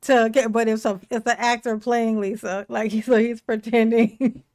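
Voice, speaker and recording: A woman's voice: on the high side, flat delivery, normal speed, a little mellow. A woman hosting a reaction video, giving casual, blunt and sarcastic commentary with plenty of swearing. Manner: blunt, emphatic, profane and sarcastic.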